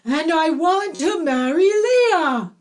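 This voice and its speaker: A woman's voice: expressive, full character voice. Woman doing a growling dybbuk spirit. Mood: insistent. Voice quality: deep, scratchy, gravelly growl. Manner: slow, loud, snarling. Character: dybbuk spirit of a young man, growling through a bride.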